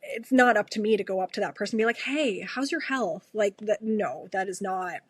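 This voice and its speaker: Chatty husky woman telling stories. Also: mid-range voice, fast, no echo. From Canada. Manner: chatty, laughs often, many fillers like "like". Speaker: ER nurse guest. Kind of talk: casual storytelling conversation.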